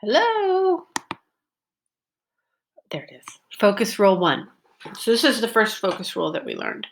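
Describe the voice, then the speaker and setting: A woman teaching a pronunciation lesson, speaking slowly and carefully and drawing out words to show pitch changes. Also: huge pitch swings, slight background noise. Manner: slow and deliberate, stretches words to show pitch. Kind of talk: slow, careful classroom lesson.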